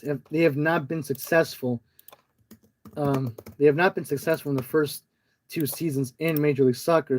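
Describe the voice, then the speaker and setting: A man's voice: on the high side, darkish tone. A man co-hosting a casual soccer podcast over an online call, often hesitating and restarting his phrases. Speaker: podcast co-host.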